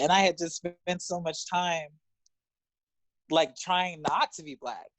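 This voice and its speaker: A man in his thirties from Los Angeles, a guest telling candid, profane stories in an interview, animated and laughing often. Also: unhurried, no room sound. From Los Angeles, USA. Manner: animated, profane, laughs often, jumps up in pitch when excited. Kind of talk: candid storytelling in conversation.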